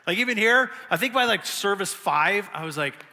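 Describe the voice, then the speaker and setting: Bright-voiced middle-aged pastor preaching. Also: male voice, sits high, normal speed, few pauses. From United States. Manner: animated, self-mocking storytelling. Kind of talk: sermon. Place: large church auditorium. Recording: long reverb of a church hall.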